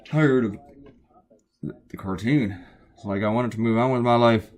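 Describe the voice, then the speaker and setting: A man's voice: lowish voice, fairly even intonation, normal speed. A tired man from the United States, a cartoonist chatting casually and rambling off topic while he draws. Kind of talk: casual chat while drawing.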